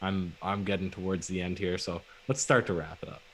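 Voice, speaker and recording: A man from Newfoundland with a very low voice, co-hosting a livestreamed podcast. He chats in a dry, laid-back way and sounds worn out late at night. A faint hiss sits behind him. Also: flat delivery, brisk, rough recording. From Newfoundland, Canada. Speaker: podcast co-host. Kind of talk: casual livestream chat.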